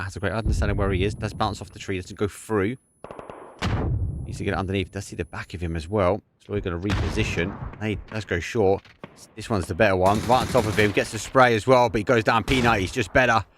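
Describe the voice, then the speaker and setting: A man giving live play-by-play commentary on an esports match, excitable and prone to bursting into shouts and laughter at big plays. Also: on the low side, brisk, background noise. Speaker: esports caster.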